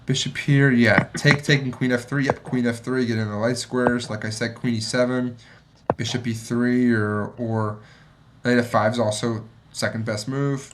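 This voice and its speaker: A man streaming himself playing chess, thinking aloud and muttering to himself, sometimes mocking his own mistakes and getting excited. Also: mid-range voice, moderate pace, noisy background. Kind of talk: thinking aloud while playing and reviewing a game.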